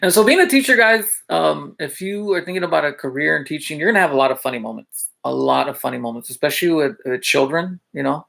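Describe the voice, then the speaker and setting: A man with a gravelly, fry-edged voice who chats to the camera about his days as a teacher. He keeps asking his audience questions, fills gaps with little asides, and keeps breaking into laughter while he tells his stories. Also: on the high side, animated, fast talker, hardly any pauses, bright, forceful tone. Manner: chatty, with many fillers and check-ins to viewers. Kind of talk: casual storytelling vlog.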